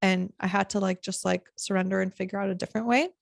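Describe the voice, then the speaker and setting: A young woman hosting a podcast, telling a story in a lively, casual way and acting out what people said. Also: medium pitch, fast, gravelly, dry recording. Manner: animated, acts out quoted lines with laughter. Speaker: podcast host.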